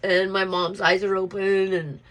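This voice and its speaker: Woman, casual storyteller, rambles with "like" and "um", blunt and unfiltered, mid-pitched voice. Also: level tone, a little slow, a bit bright, rough recording. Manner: rambling, full of "like" and "um" fillers; blunt, swears freely.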